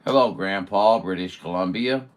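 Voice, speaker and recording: A man's voice: deep voice, normal speed. Chatty rambling man on ham radio. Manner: chatty and rambling, many fillers and restarts, friendly radio jargon. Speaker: CB radio operator and show host. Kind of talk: casual radio chat.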